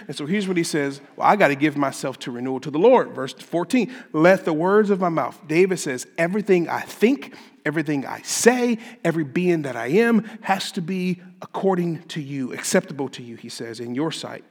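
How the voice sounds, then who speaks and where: Pastor, man, fairly high voice, emphatic sermon delivery, long reverb of a church hall. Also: expressive, moderate pace. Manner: emphatic preaching, rising to loud climaxes. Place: church sanctuary.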